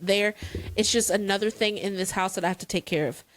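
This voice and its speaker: A woman's voice: medium pitch, steady tone, fast talker, no echo, low-quality recording. A woman co-hosting a casual chat, telling a story dramatically with playful exasperation. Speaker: podcast co-host.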